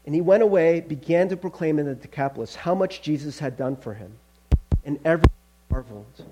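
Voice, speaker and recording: A man's voice: fairly high pitch, a little fast, warm tone, faint music behind. A male pastor preaching a conversational sermon, calling listeners friends.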